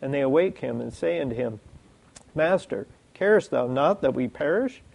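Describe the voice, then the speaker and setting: A man preaching a sermon, reading scripture aloud and acting out the lines of the people in the story with lively energy. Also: mid-range voice, normal speed, gravelly. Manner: animated, acts out quoted lines, reads scripture.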